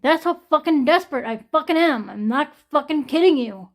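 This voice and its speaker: A young woman talks straight to her viewers in a raw, emotional vlog, her voice sitting a little high. She is shaking from pain and close to tears, venting hard with frequent swearing. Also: animated, fairly quick. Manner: distressed, venting, swearing often. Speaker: vlogger.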